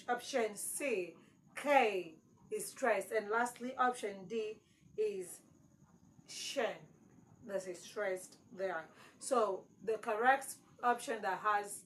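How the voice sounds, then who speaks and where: A woman's voice: a little high, poor audio. A woman teaching an exam-prep English lesson, repeating key words for emphasis.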